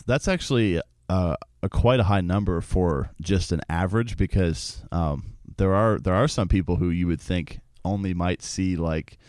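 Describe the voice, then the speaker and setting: A man's voice: sits low, darkish tone, dry recording. A young man co-hosting a radio talk show, chatting in an easygoing way in a studio. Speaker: radio co-host.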